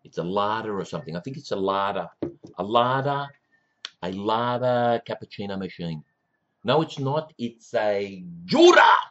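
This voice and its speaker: A man rambling through a comic monologue for his own show pilot, laughing at his own jokes and breaking into shrill excited shouts, on a dull lo-fi recording.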